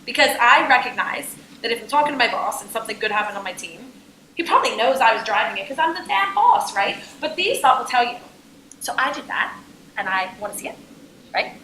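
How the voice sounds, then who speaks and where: Bright, jokey woman presenting. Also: a little high, fast, reverberant, a little hiss or hum, poor audio. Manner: lively, jokey, asks audience questions. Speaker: conference speaker. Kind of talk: business workshop talk. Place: conference room.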